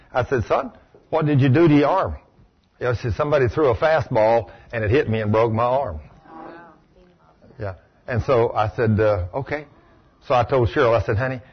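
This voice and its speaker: Folksy preacher man, slightly husky. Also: fairly quick, highs cut off. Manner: folksy, drops into a low hushed voice for quotes, rises for exclamations. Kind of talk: sermon with storytelling.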